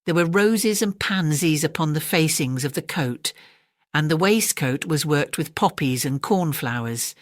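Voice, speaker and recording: A woman with an English accent reading a classic children's story aloud, gentle and expressive. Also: low-pitched, a little slow, no echo, clean studio sound. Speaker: audiobook narrator.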